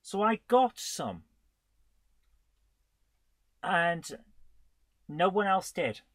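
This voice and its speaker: A man's voice: sits high, very animated, very slow, fairly bright tone, no echo. A man in his forties hosts a live retro gaming show, chatting casually in a rambling, self-deprecating way with chuckles. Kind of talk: casual livestream chat.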